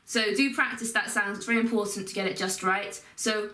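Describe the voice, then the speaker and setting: A woman's voice: medium pitch, steady tone, brisk, bright, forceful tone. A woman teaching a step-by-step recitation lesson, explaining patiently and carefully and drawing out example sounds. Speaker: Quran teacher. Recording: echoey room, voice from a distance.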